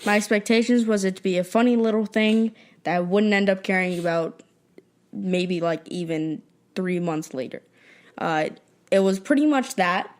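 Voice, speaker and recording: A teenage girl co-hosting a podcast, talking casually in a dry, quick, offhand way. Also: medium pitch. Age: teens. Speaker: podcast co-host. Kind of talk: casual chat.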